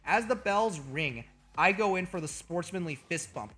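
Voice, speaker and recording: A man hosts his livestream with a high, sharp, bright voice that jumps wildly up and down in pitch. He talks casually and rowdily, swearing often and bragging in jest. Soft music hums underneath. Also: normal speed. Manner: animated, profane, mock-boastful. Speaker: VTuber streamer.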